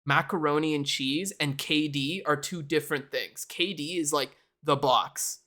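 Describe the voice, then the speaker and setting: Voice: medium pitch, unhurried, bright, forceful tone. A young adult streamer from Canada, chatting casually on a live stream, laughing often and swearing in rambling asides. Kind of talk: casual chat to a live audience. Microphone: desk mic for a live stream.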